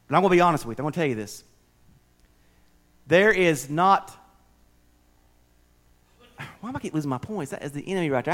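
A man preaching a sermon, folksy and conversational, swinging between loud preaching and soft, near-whispered asides. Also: fairly high pitch. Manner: folksy, conversational, with slips and restarts. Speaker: pastor.

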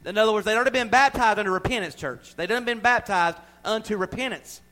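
Middle-aged preacher, emphatic delivery, somewhat high-pitched. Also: male voice, fast, poor audio. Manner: emphatic, drops into quiet asides. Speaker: pastor. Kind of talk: sermon.

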